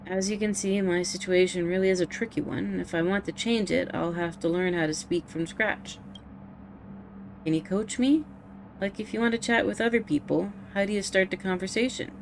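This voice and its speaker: A woman's voice: medium pitch, fairly even intonation, normal speed, creaky, background noise, lightly acted. A woman voicing a blunt, prickly young woman researcher who talks curtly and defensively, reading game dialogue aloud. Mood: flustered. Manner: curt and defensive.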